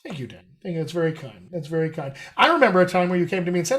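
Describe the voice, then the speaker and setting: A man's voice: sits high, very animated, very fast, fairly bright tone. A middle-aged man, a dialect coach, hosting a casual live-stream chat in an upbeat, salesy way and calling his viewers his friends.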